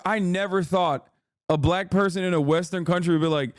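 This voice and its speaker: A man's voice: high voice, steady tone, fairly quick, dry recording, studio quality. A man in his thirties streaming casual reaction commentary, blunt and profane, mocking and reading chat messages aloud.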